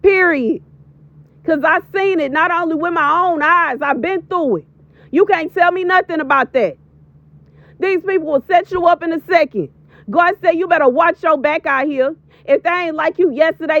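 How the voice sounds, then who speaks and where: A woman's voice: extremely high pitch, moderate pace, a bit bright, no room sound. A woman in her thirties giving an emphatic, preachy prophetic warning as a voiceover, repeating lines for stress. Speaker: prophetic video creator. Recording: dull lo-fi voiceover.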